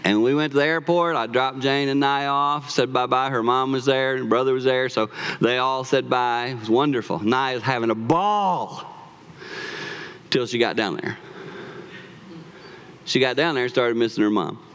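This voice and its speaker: A man in his fifties preaching in church, animated as he tells personal stories, often repeating words and laughing. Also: mid-range voice, moderate pace, clear, resonant tone. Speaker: pastor.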